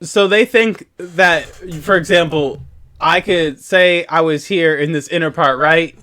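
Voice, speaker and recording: A man's voice: on the high side, a little slow, bright, forceful tone. A man co-hosting a podcast in casual chat, incredulous and cutting in with repeated interjections. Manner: incredulous, keeps interrupting with repeated wait and hold on. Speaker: podcast co-host.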